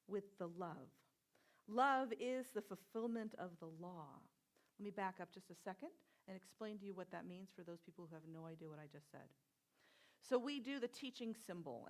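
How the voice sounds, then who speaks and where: A woman minister giving a conversational sermon, telling personal stories with soft whispered asides. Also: medium pitch. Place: church sanctuary.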